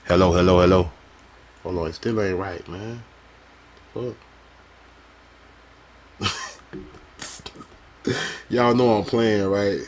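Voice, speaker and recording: A man live streaming, reading sources aloud and breaking off into loose, slangy, mocking commentary. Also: lowish voice. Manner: loose slangy talk, quick to laugh and mock.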